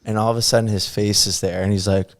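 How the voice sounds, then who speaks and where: A man's voice: fairly low pitch, fast talker. Young man telling a wild story, laughing. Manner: animated, laughs often, acts out quotes. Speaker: podcast host telling a story. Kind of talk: casual storytelling chat.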